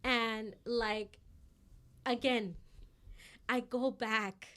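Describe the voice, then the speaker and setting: A woman's voice: fairly high pitch, fairly even intonation, extremely slow, fairly bright tone. A woman co-hosting a podcast, telling a story in casual chat, full of "like" and "you know", acting out what each person said. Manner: filler-heavy, acts out quoted voices. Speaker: podcast co-host.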